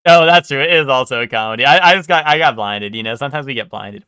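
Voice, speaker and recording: A man's voice: medium pitch, fast talker, few pauses, pushed and bright, smooth, no room sound, clean studio sound. A young man streaming live, thinking aloud and guessing in casual, swearing chatter.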